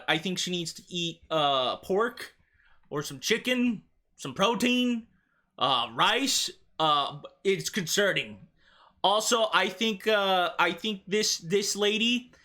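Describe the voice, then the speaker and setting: A man's voice: sits high, expressive, slow pace, sharp tone. A young man streaming, giving blunt, rambling reaction commentary full of fillers and restarts.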